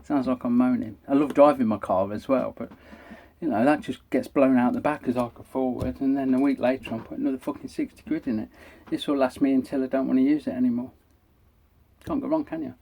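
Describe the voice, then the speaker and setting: A man's voice: medium pitch, fairly even intonation, quick pace, creaky, mellow. Chatty, foul-mouthed British man. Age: middle-aged. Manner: chatty, enthusiastic, swears freely. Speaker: vape reviewer. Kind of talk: casual product review vlog.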